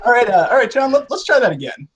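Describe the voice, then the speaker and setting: A man's voice: very high voice, very animated, quick pace, noisy background. A man hosting a casual game show podcast, joking with a playful, mock-grand showman manner.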